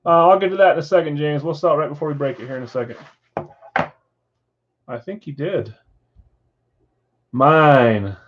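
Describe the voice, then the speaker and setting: A man hosts a live card-break stream from his house, talking casually and answering viewer comments as he goes. His voice sits a little high. The audio is slightly dull and lo-fi. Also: moderate pace, long pauses, slight background noise. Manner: chatty, reads viewer comments aloud. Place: house with a floor above.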